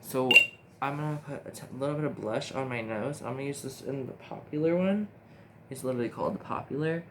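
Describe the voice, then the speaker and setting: A young man chatting his way through a makeup tutorial, rambling and easily excited, with his voice sitting in a middling pitch. He often talks to himself as he films on a phone, and a steady hiss of background noise runs under the recording. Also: quick pace. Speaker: makeup vlogger. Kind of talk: casual makeup tutorial chat. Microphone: phone camera.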